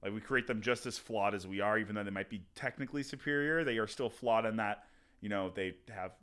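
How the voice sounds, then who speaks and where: A man's voice: lowish voice, a little fast, a bit bright, clear, resonant tone. A man in casual conversation who jokes around and rambles, often restarting his sentences. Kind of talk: casual chat.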